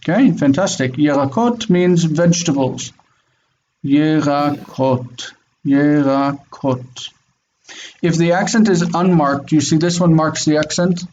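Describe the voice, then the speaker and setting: A man teaching a Biblical Hebrew class over a video call, drilling pronunciation slowly and patiently. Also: on the high side, darkish tone, highs cut off, a little hiss or hum. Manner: slow, careful pronunciation drills.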